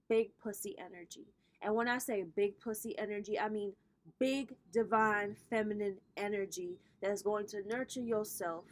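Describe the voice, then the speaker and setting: A woman hosting a casual astrology vlog, giving a brash, profane pep talk and calling her viewers honey and baby. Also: medium pitch. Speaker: spiritual reader and vlog host.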